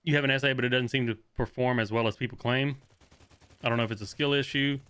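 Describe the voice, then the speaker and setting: A young man streaming a shooter game, talking fast and loose as he plays, swearing, laughing and answering chat. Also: mid-range voice, steady tone, a bit bright, clean tone. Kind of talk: live gameplay commentary.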